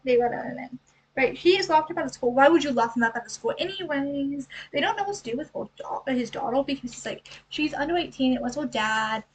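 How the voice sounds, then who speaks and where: High-voiced woman chatting through a book recap. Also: recorded from a distance, poor audio. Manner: chatty, rhetorical questions, acts out lines in quick asides. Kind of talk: casual book recap and analysis.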